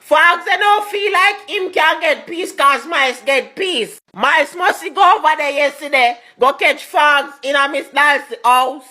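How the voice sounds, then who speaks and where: A Jamaican woman telling a neighbourhood gossip story in lively patois. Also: high-pitched, measured pace, few pauses.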